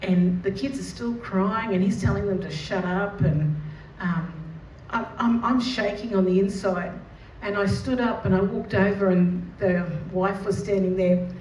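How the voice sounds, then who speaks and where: Animated Australian woman telling a story. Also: mid-range voice, measured pace. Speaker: educator and mother. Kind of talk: personal storytelling. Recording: roomy, distant mic with faint noise.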